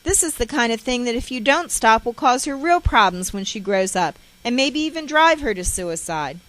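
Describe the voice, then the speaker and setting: A woman voicing a stern father who shouts orders at his wife, raised and forceful. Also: on the low side, slow pace, no room sound, low-quality recording. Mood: angry. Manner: stern, commanding.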